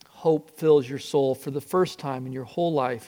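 A man preaching a sermon that retells a story in the second person, earnest and swinging from hushed passages to impassioned ones. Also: mid-range voice, normal speed, few pauses. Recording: long hall reverb.

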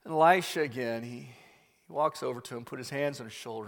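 A man preaching a sermon, retelling a Bible story as an animated storyteller who acts out scenes. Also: medium pitch, fairly quick. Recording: long hall reverb.

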